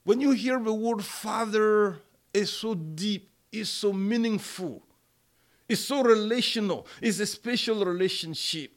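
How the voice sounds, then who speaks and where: A middle-aged man preaching a sermon, speaking slowly and deliberately, repeating key words for emphasis and addressing listeners as brother and sister. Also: high-pitched.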